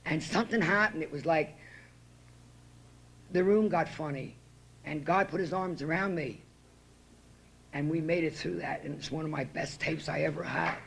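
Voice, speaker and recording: A woman with a deep, creaky voice tells her recovery story at a meeting-room podium, speaking at a moderate pace and pausing often. Her account is blunt, profane, and emotional, and there's slight background noise.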